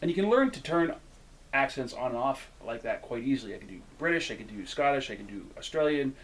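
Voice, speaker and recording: A man's voice: medium pitch, fast. Laughing, foul-mouthed man telling stories. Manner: animated, laughs often, swears freely. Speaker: guest, local wrestler and former tour actor. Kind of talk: casual storytelling chat.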